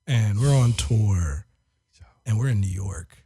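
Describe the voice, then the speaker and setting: A man's voice: on the low side, animated, slow pace, dark tone, husky. A man, an audio engineer, casually telling a story on a studio talk show, filling his speech with "like" and laughing often. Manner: laid-back, heavy use of "like", laughs often.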